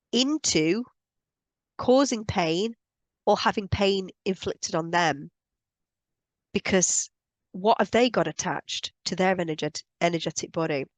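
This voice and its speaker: In an earnest, emphatic monologue, a woman speaking as a spiritual healer teaches on energy and restates points to drive them home. Her low-leaning voice comes through a dry recording.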